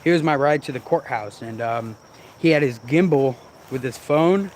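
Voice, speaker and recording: A man talks straight into his own vlog, rambling and swearing freely with a grumbling, irritated edge. His voice sits at an ordinary middle pitch. Crickets and insects chirp faintly behind him outdoors. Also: normal speed, a little mellow, a little hiss or hum. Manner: profane, rambling, irritated ranting. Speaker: vlogger.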